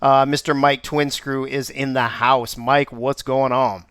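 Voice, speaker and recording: A man's voice: medium pitch, flat delivery, a little slow, a bit bright, clear, resonant tone. A man hosting a live show in an upbeat, joking way. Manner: upbeat, joking, laughs often. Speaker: host.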